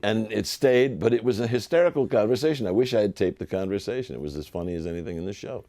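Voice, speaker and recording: An older man, a television producer, telling lively anecdotes in an interview and acting out the voices of people he quotes. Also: lowish voice, quick pace, no room sound, clean studio sound. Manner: animated, acts out quoted voices.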